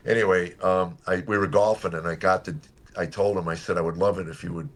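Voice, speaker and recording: A comedian in his seventies telling stories in a radio interview, lively when quoting people and quiet and earnest on serious points. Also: fast. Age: 70s. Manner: animated storyteller, jumps high for quoted voices. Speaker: comedian guest.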